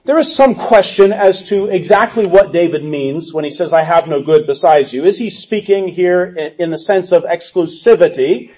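Husky high-voiced preacher, lo-fi. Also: male voice, darkish tone. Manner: earnest, slows for quoted verses, drops low for reflective asides. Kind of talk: expository sermon. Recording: dull lo-fi sound.

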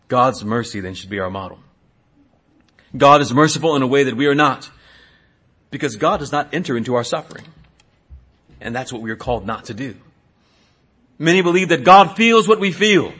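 A man's voice: a little high, sharp tone, slightly rough. A middle-aged man, a pastor, preaching a sermon in an earnest way, asking questions and sometimes restarting.

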